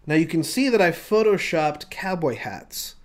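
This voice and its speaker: Animated man pitching a comic idea. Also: moderate pace. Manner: animated storytelling, acts out scenes. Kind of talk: comic pitch, casual banter.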